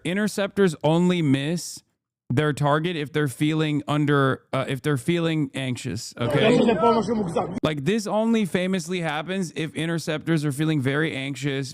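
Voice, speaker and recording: A man's voice: a little high, no echo, studio quality. A man doing live stream commentary, sarcastic and profane, rising into angry rants.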